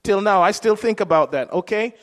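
A man's voice: high-pitched, a little fast, big-room sound. A man preaching a sermon in a conversational way, asking his listeners rhetorical questions.

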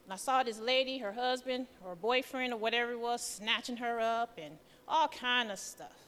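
A woman's voice: fairly high pitch, normal speed, fairly bright tone, smooth. A woman giving a testimony sermon in church, telling her story in a nervous, chatty way and acting out the voices of the people in it. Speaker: church member preaching. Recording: reverberant church hall.

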